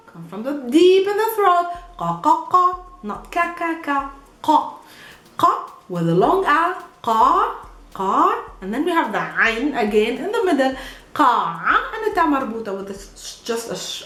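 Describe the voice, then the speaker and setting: A woman teaching a pronunciation lesson, playful and patient, repeating each word slowly and laughing often. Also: high voice, fairly bright tone, reverberant. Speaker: Arabic teacher.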